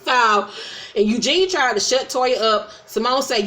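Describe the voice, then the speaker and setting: A woman's voice: on the high side, normal speed, bright, forceful tone. A woman recapping a reality show in a casual, profane, sassy way, often acting out the cast members' quotes in put-on voices. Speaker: recap host.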